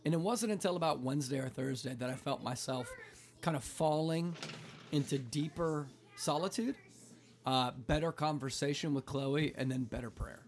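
A man's voice: fairly high pitch, moderate pace, a little hiss or hum. Male pastor-host, thirties, casual and talkative, filler-heavy delivery. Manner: relaxed, talkative, lots of "like" fillers. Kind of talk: casual chat.

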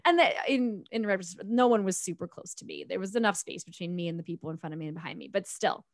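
A woman co-hosting a podcast, telling a personal story in a casual, animated way with laughs and self-talk asides. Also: on the low side, quick pace, creaky, dry recording, studio quality. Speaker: podcast co-host.

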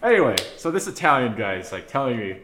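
A man's voice: medium pitch, fast, roomy sound, slight background noise. A young man hosting a podcast, chatting casually and ranting with lots of swearing while cooking at home. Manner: profane, ranting, animated complaints. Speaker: podcast host. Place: home kitchen.

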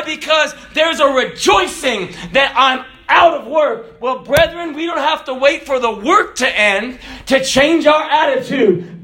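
Guy preaching a lively sermon, high voice, laughs a lot, roomy echo. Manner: animated, folksy preaching with laughs and shouted lines. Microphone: phone recording.

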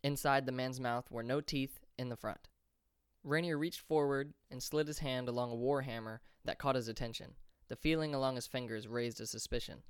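Man with a smooth, dry narrating voice. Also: mid-range voice, moderate pace, no echo. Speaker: audiobook narrator. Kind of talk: scripted fantasy narration.

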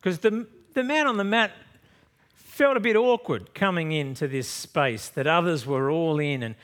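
Aussie pastor preaching, storytelling, goes loud then drops quiet, voice a bit high. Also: male voice, normal speed. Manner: lively storytelling, swings from loud to soft. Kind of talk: sermon.

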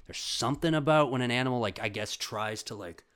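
A young man telling a comedic story, animated and swearing, calling listeners bro and dude. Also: mid-range voice, brisk.

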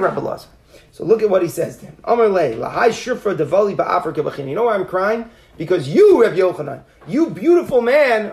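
High, gravelly-voiced man teaching Talmud. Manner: reads Aramaic phrases then explains them in English; acts out the rabbis' dialogue in a lively way. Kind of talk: Talmud class, reading and translating.

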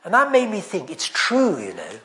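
A man preaches in a chatty, storytelling way, dropping in wry jokes at his own expense. His voice sits high for a man and swings widely in pitch as he talks. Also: huge pitch swings, moderate pace, pushed and bright. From England. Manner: chatty, anecdotal, self-deprecating humour. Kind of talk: sermon.

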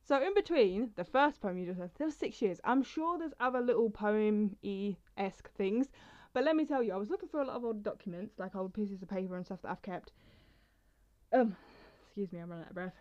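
A woman's voice: mid-range voice, expressive, fairly quick, a little mellow. A young woman vlogger talking casually about her poems and reading them, rambling and interrupting herself as she goes. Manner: rambling, chatty, self-interrupting. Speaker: poetry vlogger. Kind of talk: casual chat and poetry reading. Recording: slightly dull lo-fi sound.

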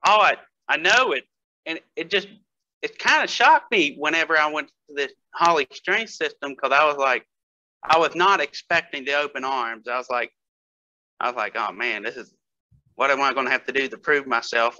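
A man's voice: medium pitch, moderate pace, bright, forceful tone, dull audio. A man guest on a casual podcast, telling stories in a loose, hesitant way with frequent laughter. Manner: storytelling, laughs often, hesitant fillers. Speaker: guest strength athlete.

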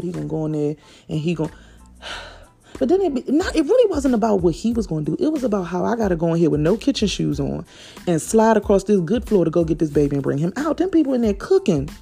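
A woman's voice: mid-range voice, creaky, slightly rough. A woman, telling funny parenting stories in a casual monologue, calling her listeners "y'all" and acting out what she and her kids said. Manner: animated, addresses listeners as y'all, repeats words, acts out quotes.

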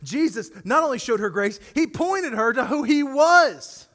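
A male pastor preaching a sermon, animated and acting out scripture scenes as he speaks directly to his congregation. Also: very high-pitched, measured pace, long reverb tail.

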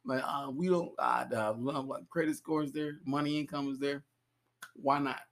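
Animated man, laughing often. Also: medium pitch, normal speed. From Georgia, US South. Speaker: podcast co-host. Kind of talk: casual comedic podcast chat.

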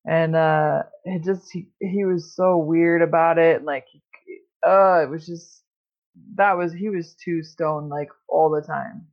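A woman's voice: sits low, steady tone, a little slow. A woman telling stories in a casual chat, swearing constantly and rambling with lots of fillers. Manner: profane, rambling storytelling with many fillers. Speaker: podcast host. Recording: dull lo-fi sound.

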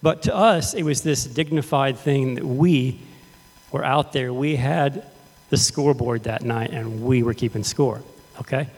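A man's voice: mid-range voice, unhurried, a little mellow. A middle-aged man from Texas preaching a conversational sermon, telling stories and asking the congregation questions. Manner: casual, conversational, addresses the congregation directly. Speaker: pastor. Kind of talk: sermon with storytelling. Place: church sanctuary. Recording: long hall reverb.

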